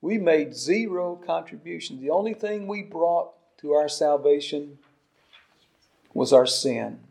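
A man's voice: on the high side, lively intonation, measured pace, vocal fry. Emphatic older preacher, a man. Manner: emphatic preaching, swinging between soft asides and loud stresses. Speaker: pastor. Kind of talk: sermon.

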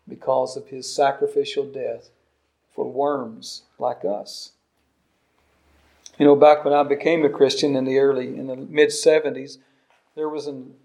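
A man in his sixties preaching a sermon, emphatic, with soft asides and loud stresses. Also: fairly high pitch. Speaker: pastor.

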